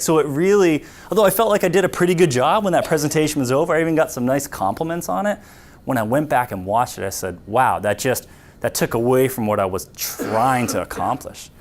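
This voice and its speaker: A middle-aged man giving a conversational workshop talk to students on pitching, often checking in with "right?". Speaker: pitching coach.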